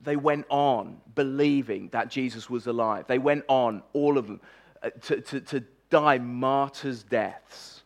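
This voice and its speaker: A man preaching a conversational sermon, emphatic and animated, often stumbling and repeating words as he goes. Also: medium pitch, unhurried. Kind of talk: conversational sermon on a Bible passage.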